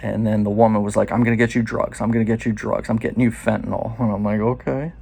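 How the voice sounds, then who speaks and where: A man's voice: lowish voice, level tone, creaky, a little mellow, slightly rough. A man in his forties telling a loose, profane story in a casual first-person way. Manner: loose and profane, quoting others in quick asides.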